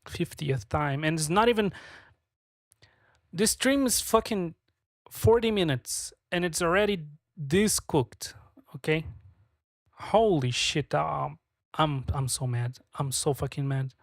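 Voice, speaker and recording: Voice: mid-range voice, animated, measured pace, no echo, clean studio sound. A streamer talking casually on a live stream while working, frustrated, swearing a lot and muttering to themselves.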